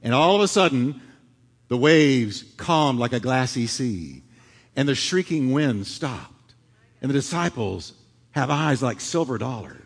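A middle-aged male pastor preaching a sermon, swinging from loud, dramatic lines to hushed ones. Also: medium pitch, expressive, measured pace. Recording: long hall reverb.

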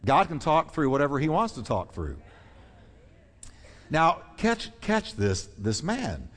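Male pastor, lively sermon delivery, fairly high voice, long hall reverb. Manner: animated, swinging from loud exclamations to hushed earnest tones.

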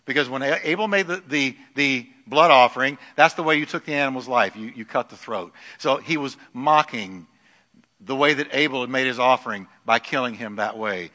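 A middle-aged man preaching a sermon in a church, swinging from loud declarations to hushed lines. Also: mid-range voice, moderate pace. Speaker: pastor. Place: church sanctuary. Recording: long hall reverb.

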